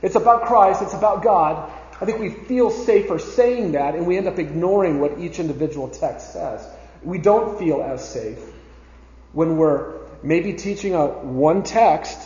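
A man with a fairly high voice teaches a Bible class, emphatic and conversational, restarting phrases as he thinks. He sounds muffled and dull, with a long echo from a large room. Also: normal speed, darkish tone. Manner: emphatic, conversational, repeats words while thinking. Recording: echoey, dull room recording.

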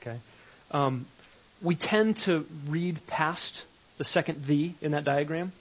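Husky man teaching a Bible study. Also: on the high side, unhurried. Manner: conversational, repeats phrases with shifting emphasis. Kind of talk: live teaching session. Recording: dull lo-fi recording.

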